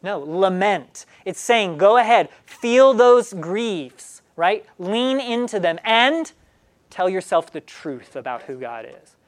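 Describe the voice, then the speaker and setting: Lively woman leading a Bible study. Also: medium pitch, slow pace. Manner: animated, asks questions and acts out the psalmist.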